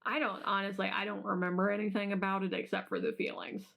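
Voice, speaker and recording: Young woman co-host, vocal fry throughout, rambling and self-deprecating chat. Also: mid-range voice, flat delivery, fast talker, fairly bright tone. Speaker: podcast co-host. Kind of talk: casual chat.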